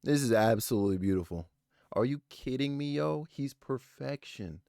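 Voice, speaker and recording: A man's voice: medium pitch, expressive, moderate pace, creaky, darkish tone, slight background noise. A man streaming live, gushing over fan art with hyped, slangy, profane chatter at a desk microphone. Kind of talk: excited live-stream chat.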